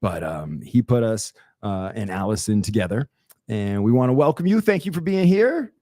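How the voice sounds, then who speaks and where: A man's voice: fairly low pitch, animated, moderate pace, dark tone, no echo, studio quality. A man hosting a casual interview show. He is friendly and chatty, with frequent restarts. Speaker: host. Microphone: close studio microphone.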